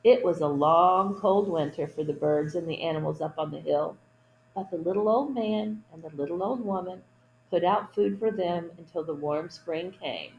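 A woman's voice: fairly low pitch, moderate pace, roomy sound, lo-fi sound, slight background noise. Woman reading a picture book aloud. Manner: gentle asides to young listeners. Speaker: storytime reader.

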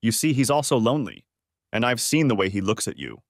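Narrator guy playing a greedy schemer man, persuasive, hushed plotting tone, lively pitch, audiobook. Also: fairly quick, dry recording, studio quality. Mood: scheming.

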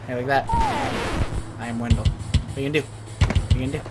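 A man's voice: mid-range voice, steady tone, fairly quick, over loud music. A man giving casual gaming commentary, goofy and rowdy, trash-talking and bragging as he plays. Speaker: let's play gamer. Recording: noisy with game sound behind.

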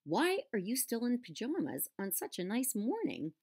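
A courteous male storybook creature with a raised, lively voice, as a woman reading aloud puts him on. He speaks earnestly and keeps his manners even when things go wrong. The delivery is bright and animated. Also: a little high, normal speed, slightly rough, pitched above the performer's own voice, heavily acted. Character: gentle male garden creature, polite.

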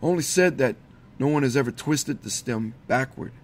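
A man voicing a sly, grinning devil who works as a train conductor, speaking in a smooth, mocking, unhurried way. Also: fairly high pitch.

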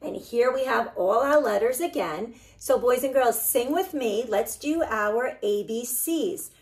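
A woman, a children's librarian, reading a picture book aloud to preschoolers with animated, singsong storytelling. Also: fairly high pitch, a little slow. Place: library program recorded for online viewing.

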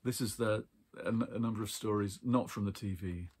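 Husky, low-voiced man chatting about books. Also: brisk. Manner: chatty, rambling, with fillers and soft laughs. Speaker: book vlogger. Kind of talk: casual book chat and reading aloud.

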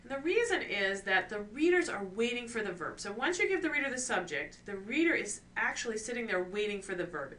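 Woman instructor, bright voice, explanatory lecture, slightly distant mic, faint background hiss. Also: medium pitch. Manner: clear, explanatory teaching with rhetorical questions. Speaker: course instructor. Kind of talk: recorded lecture on scientific writing.

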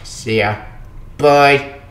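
A man reviewing a comic book in a frustrated, exasperated rant, breaking into sudden loud outbursts. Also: medium pitch, drawn-out words. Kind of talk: ranting video review. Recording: echoey room.

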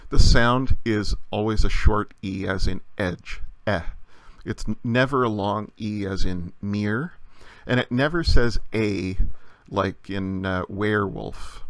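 Low-voiced man patiently teaching letters. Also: no room sound. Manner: patient explaining with many uh fillers. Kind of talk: recorded language lesson.

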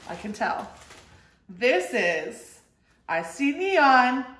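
A woman's voice: high-pitched, big pitch swings, drawn-out words, reverberant, background noise. A young woman with a Texan accent, chatting through a casual unboxing vlog, giggling often and swearing casually. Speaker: vlogger.

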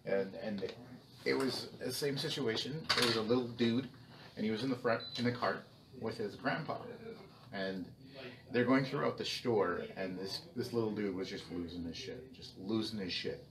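Male co-host, low-ish voice, animated and profane storyteller, distant mic with background noise. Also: normal speed, reverberant, a crowd in the background. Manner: animated storyteller, acts out quotes, swears casually. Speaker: podcast co-host. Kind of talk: casual storytelling chat.

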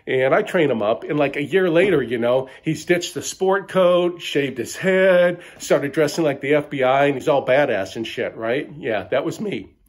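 A man's voice: a little high, normal speed, few pauses. A middle-aged man telling a mock-bragging comic story in a boastful, bro-ish way, ending lines with "right?". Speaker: comedic storyteller.

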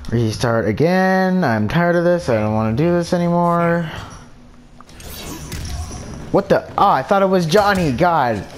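Gamer guy, exasperated rant over his match, swings up and down a lot, slow delivery, noisy recording. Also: fairly high pitch, expressive. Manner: frustrated ranting, muttered swearing. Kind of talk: gameplay commentary.

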